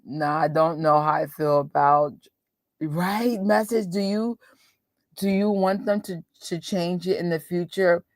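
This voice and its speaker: Casual New York woman in her thirties, talky stream host, low register, no room. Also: measured pace, no room sound, clean studio sound. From New York, USA. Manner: chatty, laughing, quotes voices. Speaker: watch party host. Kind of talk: casual chat with live viewers.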